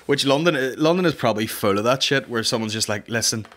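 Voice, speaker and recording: A young man hosting a podcast, telling a sweary, rambling comic story and slipping into quick comic voices. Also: mid-range voice, a bit bright. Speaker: podcast host. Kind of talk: casual comedic storytelling.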